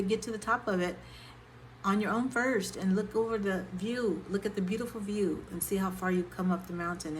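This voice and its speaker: Give me a woman with a lowish voice giving chatty advice to camera over a faint background hiss. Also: poor audio. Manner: conversational, keeps checking in with "okay?". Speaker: vlogger and singer-songwriter. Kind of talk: casual talk-to-camera advice vlog.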